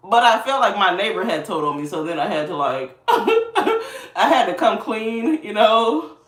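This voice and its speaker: Animated, laughing woman storyteller. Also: mid-range voice, unhurried. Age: 30s. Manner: animated, laughing often while she talks. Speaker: vlogger. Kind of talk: casual storytelling. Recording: roomy sound from a distance.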